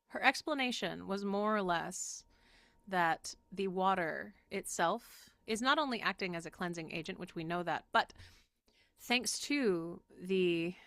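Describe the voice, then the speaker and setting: Her lowish, fairly bright voice moves slowly, pausing often, in a dry recording. The Southern US-accented spiritual channel host chats casually to camera, rambling and laughing often even though she's sick and exhausted.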